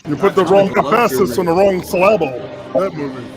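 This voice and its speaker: A man's voice: high-pitched, brisk. A man co-hosting a trivia show, chiming in with casual quips. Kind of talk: casual chat.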